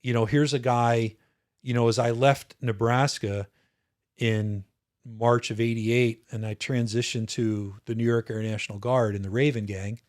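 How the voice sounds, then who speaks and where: A man's voice: medium pitch, level tone, a little slow, darkish tone. Earnest man in his fifties reminiscing. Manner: earnest, reflective, frequent restarts. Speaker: podcast guest, retired officer. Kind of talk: casual interview storytelling.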